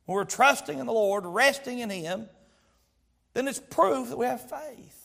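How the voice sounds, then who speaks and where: Man, pastor, sermon, high voice, humorous storytelling, slow emphatic phrasing. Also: lively intonation, creaky, fairly bright tone. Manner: preaching with drawn-out emphasis.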